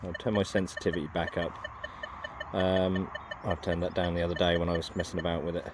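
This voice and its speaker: With a deep voice, little pitch movement and a slightly fast pace, a man chats casually while setting up and using a metal detector in an open farm field. He rambles and hesitates, saying um often and correcting himself, with background noise present.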